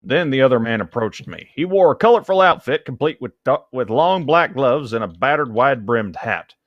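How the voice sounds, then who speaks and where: A man's voice: mid-range voice, animated, normal speed, no echo, lo-fi sound. A man co-hosting a comedy podcast, reading a fanfiction aloud and breaking off to laugh and comment. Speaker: podcast co-host.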